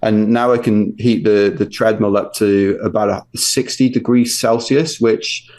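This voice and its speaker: A man's voice: lowish voice, fairly even intonation, a little slow, darkish tone. Chatty British man telling a story. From England. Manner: chatty and self-deprecating, laughs often. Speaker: guest. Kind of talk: casual podcast interview.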